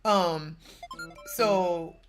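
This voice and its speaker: A young woman streaming games, telling a family story in a casual, animated way with bursts of laughter. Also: on the low side, drawn-out words, over music. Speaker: gaming streamer.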